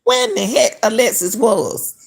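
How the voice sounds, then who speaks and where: A woman's voice: on the high side, huge pitch swings, a little slow, vocal fry, husky. A middle-aged woman hosting a casual live-stream, talking to viewers as "y'all" and questioning what she reads. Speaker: commentary channel host.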